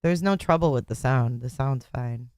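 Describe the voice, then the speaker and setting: A woman's voice: a bass voice, moderate pace, a little mellow, no echo, clean studio sound. A woman hosting a livestream, chatting casually and joking with her viewers. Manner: chatty, joking, laughs often. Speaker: livestream host.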